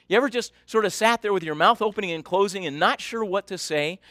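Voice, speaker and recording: A man giving a keynote talk, telling a story in an animated way and asking the audience questions. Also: sits high, no echo, clean studio sound. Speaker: keynote speaker.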